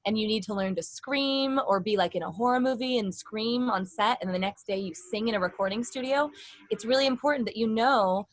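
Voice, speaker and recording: A woman's voice: on the high side, fairly quick. A young adult woman vocal coach giving a casual, rambling lesson with demonstrations.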